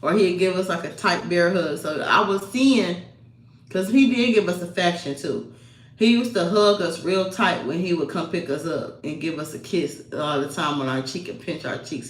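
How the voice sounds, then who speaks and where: A woman's voice: on the low side, normal speed. Woman vlogger in an echoey room. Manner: rambling, emotional, fillers and laughs. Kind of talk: casual personal storytelling.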